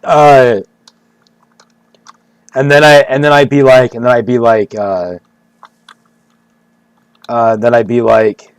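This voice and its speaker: A man's voice: medium pitch, fairly even intonation, takes it slowly, pauses often, smooth, dry recording. Guy rambling on stream, swears a lot, laughs at his own bits, dry close sound. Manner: joking, rambling, repeats himself, laughs often; profane. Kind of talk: rambling casual chat.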